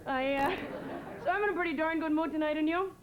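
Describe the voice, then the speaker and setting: A woman from New England doing a rambling stand-up set on a TV stage, full of halting pauses and "uh"s. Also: high voice, muffled recording, over a noisy crowd, heavy background noise. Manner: rambling, halting delivery with many "uh"s. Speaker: stand-up comedian. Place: TV studio stage before a live audience. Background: audience laughter.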